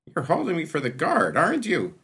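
A man's voice: fairly high pitch, wildly swooping pitch, fairly quick, fairly bright tone, husky, voice pushed up, heavily acted. A man voicing a fourteen-year-old boy on the run, who talks in a tense, snarling, whiny way. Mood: desperate defiant. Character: jumpy teenage boy on the run, defiant.

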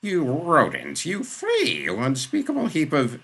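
A proud old warlord, as a man puts him on roars and spits out insults. The voice is loud, raspy and gravelly. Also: on the high side, wildly swooping pitch, measured pace, pitched above the performer's own voice, heavily acted. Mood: furious. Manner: roaring, snarling insults. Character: furious proud older man, a former warlord.

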